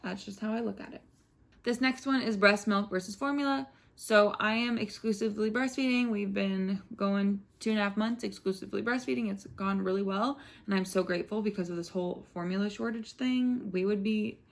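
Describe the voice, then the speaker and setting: A woman's voice: mid-range voice, fairly quick, gravelly. A young woman and new mother giving her views in a casual vlog, talking frankly with many filler words. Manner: chatty, frank, lots of "like" fillers. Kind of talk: casual parenting chat.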